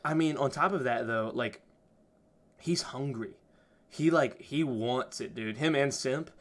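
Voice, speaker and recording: A man's voice: mid-range voice, measured pace. Laughing, chatty young man. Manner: animated storytelling, laughs often. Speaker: podcast host. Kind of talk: casual chat.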